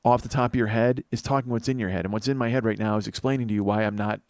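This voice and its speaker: A man's voice: on the low side, fairly even intonation, racing, darkish tone, no room sound. A sleep-deprived man hosting a comedy podcast, rambling in a self-deprecating monologue full of swearing and restarts. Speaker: podcast host.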